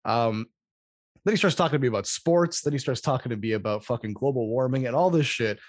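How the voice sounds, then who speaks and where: A man hosting a casual podcast, telling a rambling, profane story in an animated way. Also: mid-range voice, fast, dry recording, studio quality.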